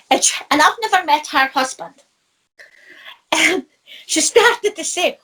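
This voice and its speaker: Scottish woman, middle-aged, high bright voice, chatty spiritual teacher who laughs a lot. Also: normal speed, long pauses. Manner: lively storyteller who laughs often. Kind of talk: casual chat.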